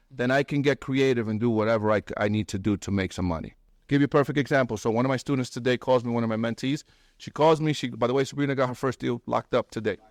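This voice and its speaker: Blunt, animated man addressing a meetup. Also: quick pace, dry recording, studio quality. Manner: blunt and swearing, acts out quoted people in raised pitch. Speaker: real estate investor and mentor speaking at a meetup. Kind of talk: animated talk to a live audience. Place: meetup room.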